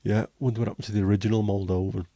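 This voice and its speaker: A man's voice: on the low side, little pitch movement, very fast, warm tone, dry recording. A man, hosting a casual livestream and chatting with viewers in a joking way. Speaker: livestream host.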